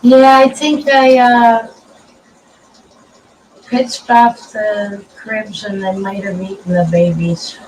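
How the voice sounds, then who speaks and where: Slow, matter-of-fact voice, set back from the mic. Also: mid-range voice, fairly even intonation, distant mic, a little hiss or hum, rough recording. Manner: unhurried and matter-of-fact, trails off and restarts. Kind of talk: casual chat.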